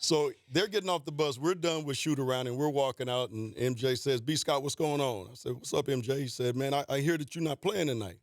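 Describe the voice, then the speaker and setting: A man in his fifties sits in a radio studio as a guest and tells lively anecdotes, quoting people along the way. The studio mic gives his middle-pitched voice a close, dry sound. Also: a little fast, few pauses, no echo. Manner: animated anecdotes, quoting players, laughing. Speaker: guest, former basketball coach. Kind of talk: storytelling in a radio interview.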